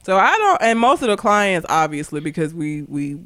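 Animated, laughing woman in casual chat. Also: on the low side, moderate pace. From Alabama, US. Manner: animated, laughing often, blunt and profane. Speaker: podcast co-host.

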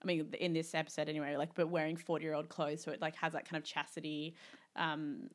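A young woman co-hosting a podcast, talking casually and emphatically, swearing and agreeing quickly. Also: low-pitched, little pitch movement. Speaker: podcast co-host. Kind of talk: casual chat.

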